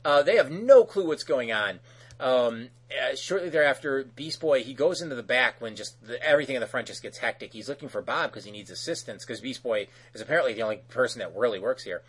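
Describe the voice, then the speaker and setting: Man, podcast host, husky voice, rambling casual recap, lots of fillers. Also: mid-range voice, animated, a little fast.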